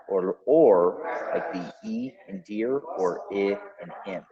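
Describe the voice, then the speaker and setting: A man's voice: low voice, darkish tone. A man hosting a podcast, giving a pronunciation lesson and carefully sounding out each example. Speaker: podcast host. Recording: dull lo-fi recording.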